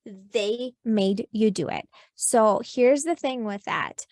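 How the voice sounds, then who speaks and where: A woman's voice: a little high, expressive, takes it slowly, darkish tone, dry recording, clean studio sound. A woman coaching as an interview guest, explaining earnestly and filling her talk with "like" and "you know". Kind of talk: podcast interview advice.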